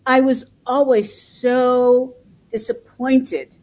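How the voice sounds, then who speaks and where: An older woman from the United States, speaking in a conversational interview, reflective, pausing and repeating words as she thinks. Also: high voice, fairly even intonation. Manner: reflective, pauses and repeats words, laughs softly.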